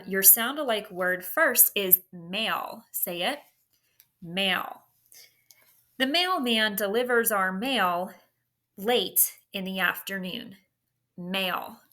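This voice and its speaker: A woman teacher leads a spelling lesson with slow, deliberate dictation. Her voice sits fairly low but has a bright edge, and she takes her time over each word.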